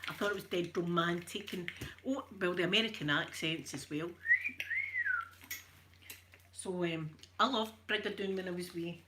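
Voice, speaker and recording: A woman's voice: lowish voice, moderate pace, pauses often, noisy background. A middle-aged woman with a Scottish accent chatting casually and joking through an ASMR ironing video, laughing often. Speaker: ASMR creator.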